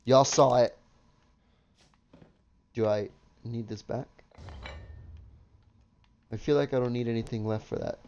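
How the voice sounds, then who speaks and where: Man, let's-play commentary, excitable, swears a lot, mid-pitched voice, dull lo-fi audio. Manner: excitable, swears often, talks to viewers. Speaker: gaming video host.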